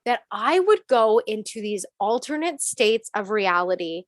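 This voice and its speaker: A woman, a spiritual coach, telling a story in a casual interview, animated, acting out quotes and laughing. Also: medium pitch, unhurried, no room sound.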